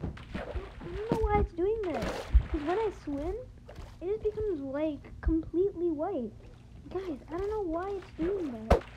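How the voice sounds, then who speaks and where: A high-voiced young gamer chatting casually and humming little tunes while playing on a phone. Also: measured pace, very noisy. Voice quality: high-pitched voice. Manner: chatty, rambling, with playful sing-song humming. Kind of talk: casual let's-play commentary.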